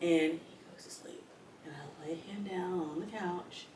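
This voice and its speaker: A woman, a podcast guest, telling animated stories and acting out the people in them. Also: on the low side, unhurried. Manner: lively, acts out quotes, laughs often. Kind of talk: animated storytelling in conversation. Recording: echoey room, mic at a distance, faint noise.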